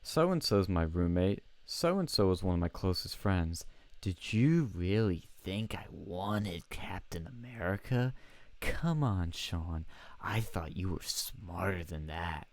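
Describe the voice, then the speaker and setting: A smug young club president gloats and taunts like a movie villain, as a man puts him on. The voice sits low and sounds a little off from the speaker's usual tone. It is recorded dry, with no room sound. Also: animated, slow, dry recording.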